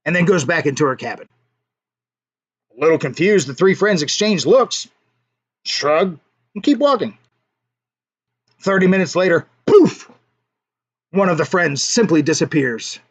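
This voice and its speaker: A man hosting a casual livestream, telling a joke and chatting with viewers in a playful way, chuckling at his own jokes. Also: on the high side. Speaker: livestream host.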